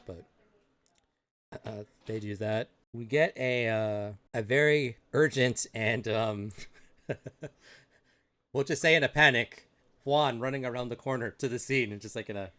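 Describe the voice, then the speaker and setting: A man's voice: on the low side, fairly bright tone. Casual man running a tabletop game. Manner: casual, lots of fillers and laughter. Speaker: game master. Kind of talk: improvised tabletop game narration.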